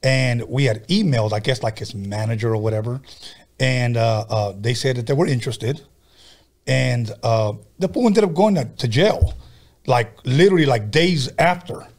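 A man's voice: medium pitch, moderate pace. A man hosting a podcast, telling casual, profane stories in a laid-back way. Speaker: podcast host. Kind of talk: casual storytelling chat.

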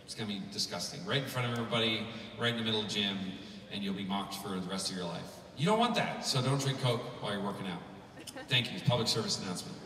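A man from Canada who is probably in his thirties gives a joking, animated talk to a live youth conference audience as a Christian musician. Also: lowish voice, fast, recorded from a distance, background noise. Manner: animated storytelling, jokey asides, mimics voices. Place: large hall. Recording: echoey hall, mic heard from afar.

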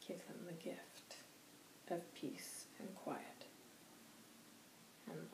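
A woman voicing a wise, solemn male spirit guide who speaks softly and slowly, like a sermon. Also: lowish voice, expressive, roomy sound, noisy background. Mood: hushed. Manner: soft, slow, preaching.

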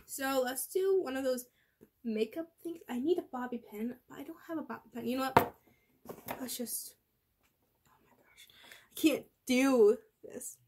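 A woman's voice: sits high, moderate pace, background noise. A teenage girl rambling in a casual vlog, full of fillers and restarts, her voice worn from being sick. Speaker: vlogger.

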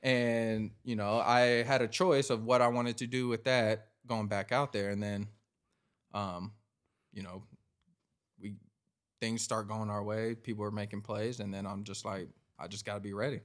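A man's voice: lowish voice, level tone, normal speed. A man in his thirties, a podcast guest, telling a story in a loose, casual way with lots of filler words. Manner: laid-back, loose, filler-heavy delivery.

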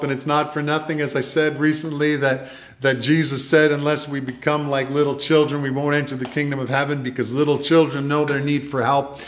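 A man preaching a sermon in a church, earnest and measured. His pitch sits at an ordinary middle register, and he often repeats phrases to build emphasis. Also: steady tone, echoey room. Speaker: pastor. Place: church sanctuary.

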